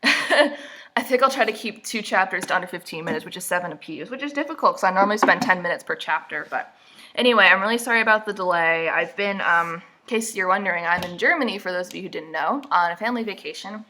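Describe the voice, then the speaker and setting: A young woman with a bright, clear-edged voice picks apart a book in a casual recap. She talks straight to her camera from an indoor seat, throwing in sarcastic asides. Her voice is a little stuffy from allergies. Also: medium pitch, lively intonation, quick pace, slight background noise. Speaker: vlogger.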